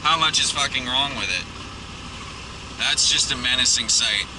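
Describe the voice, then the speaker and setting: A man's voice: medium pitch, moderate pace. A young man casually vlogging while driving, rambling and swearing with a self-mocking edge. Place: inside a moving car. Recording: far from the mic, clear road noise. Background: engine and traffic noise.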